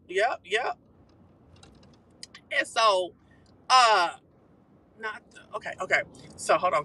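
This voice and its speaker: Live streamer gossiping from the car, bright punchy voice, quick and salty. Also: mid-range voice, rough recording. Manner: animated, profane, quick-talking. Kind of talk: casual gossip recap. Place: car while driving.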